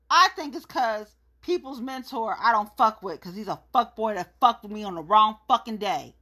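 Brash, animated woman ranting. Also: sits high. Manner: blunt, profane, gossipy, animated storytelling. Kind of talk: casual monologue rant.

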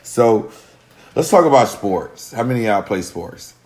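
A man's voice: lowish voice, sing-song, a little slow, crowd noise. A man hosting a casual panel chat with teenagers, laid-back and laughing easily. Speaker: host. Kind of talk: casual panel talk show.

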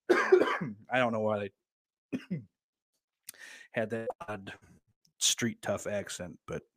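A man's voice: fairly low pitch, animated, drawn-out words, no room sound. A young man streaming live, reading chat messages aloud and rambling bluntly about wrestling with lots of swearing, close to a desk mic. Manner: blunt, profane, rambling with restarts and laughs.

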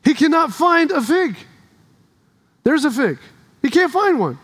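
Guy preaching in church, real high voice, storytelling, gets shouty. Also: a little slow. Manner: animated storytelling, rising to shouts. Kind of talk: sermon.

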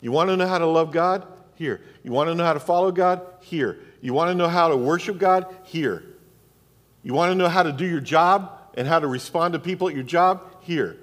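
A pastor with a Southern US accent preaching a sermon, asking rhetorical questions and repeating phrases for emphasis. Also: male voice, a little high, a little fast, a bit bright. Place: church sanctuary. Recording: long reverb of a church hall.

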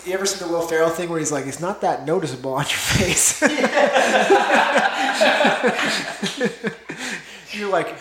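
A man's voice: high voice, takes it slowly, pauses often. A man co-hosting a casual podcast, telling stories with lots of swearing and acting out what other people said. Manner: animated storyteller, swears, acts out other people. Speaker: podcast co-host. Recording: echoey room.

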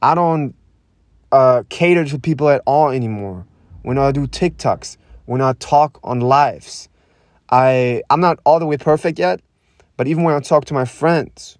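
A young man hosting a podcast, talking in a raw, intense monologue that swears a lot, repeats itself and pauses to breathe. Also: medium pitch, a little mellow, dry recording, clean studio sound. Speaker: podcast host.

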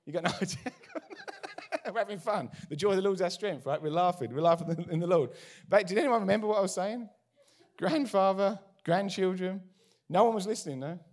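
Man preaching, fast delivery, slightly high voice, animated, joking asides. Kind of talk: sermon. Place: church before a congregation.

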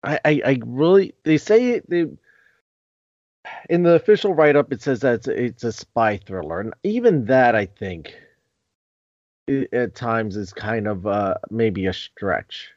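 A man's voice: medium pitch, lively intonation, measured pace, darkish tone, no room sound, highs cut off. A man hosting a podcast, talking casually and rambling with restarts. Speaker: podcast host.

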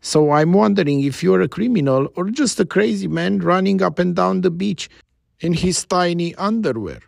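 A man's voice: high-pitched, expressive, moderate pace, vocal fry, darkish tone, dry recording, clean studio sound, pitched above the performer's own voice, exaggerated voice. A man voicing a jovial, stocky male pirate chief in a spoken story, hearty and boastful.

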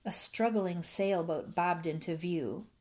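A woman reading a children's storybook aloud in a gentle storytelling manner. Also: fairly low pitch, takes it slowly. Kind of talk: scripted narration.

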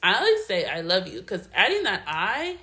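A young American woman co-hosting a talk podcast with a bright, crisp voice. She chats loosely and laughs often. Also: mid-range voice, wildly swooping pitch, moderate pace, slight background noise. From United States. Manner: chatty, laughs often, says "like" a lot. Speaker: podcast co-host. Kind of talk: casual chat.

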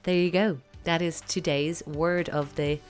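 A woman's voice: low-pitched, steady tone, unhurried, music in the background. An Irish woman hosting a solo podcast, chatty and opinionated with playful emphasis. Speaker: podcast host.

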